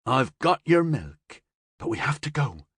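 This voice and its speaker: A man's voice: mid-range voice, big pitch swings, unhurried, fairly bright tone, husky, no room sound, studio quality, voice pushed up, heavily acted. A man voicing an anxious, hesitant young man who looks after a toddler. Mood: soothing.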